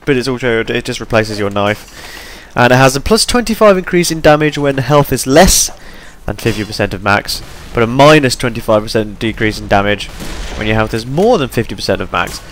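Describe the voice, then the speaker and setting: A man's voice: medium pitch, lively intonation, fairly quick, few pauses, a bit bright, a little hiss or hum. A tired young man giving rambling, chatty commentary over his gameplay, yawning between points. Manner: rambling, chatty, self-deprecating.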